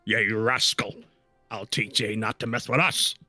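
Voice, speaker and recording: A man's voice: lowish voice, steady tone, moderate pace, sharp tone, no room sound, faint music behind. A man voicing a fierce male warrior cat with a put-on Scottish accent, blustering in old-fashioned speech.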